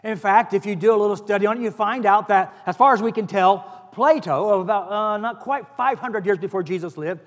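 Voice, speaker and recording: High-voiced preacher in a reverberant hall. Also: male voice, a little fast, few pauses. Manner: earnest, rising to emphatic stress on key phrases. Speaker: pastor. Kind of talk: sermon.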